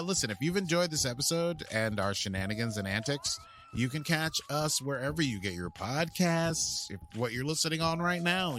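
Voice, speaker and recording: A playful American man chatting on a podcast, his voice swinging up and down with lots of life. The tone is bright and forceful, and he keeps things jokey. A faint hiss sits under the talk. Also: mid-range voice. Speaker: podcast co-host. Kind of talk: casual chat.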